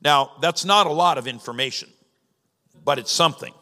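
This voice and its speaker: Bright-voiced man preaching in a reverberant hall. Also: fairly high pitch, normal speed. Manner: teaching, conversational with emphatic rises. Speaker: pastor. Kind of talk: sermon. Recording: long reverb of a large hall.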